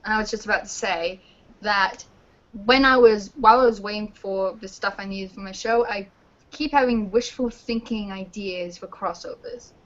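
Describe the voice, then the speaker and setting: A woman's voice: medium pitch, normal speed, a bit bright. Chatty woman, hesitant and upbeat. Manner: chatty, hesitant, with many fillers. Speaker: guest with her own show. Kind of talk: casual livestream chat. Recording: dull lo-fi audio.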